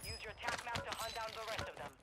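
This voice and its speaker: Actor voicing a brisk mission operator, mid pitch, commanding game callouts. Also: animated, heavy background noise, lightly acted. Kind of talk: scripted game radio callouts.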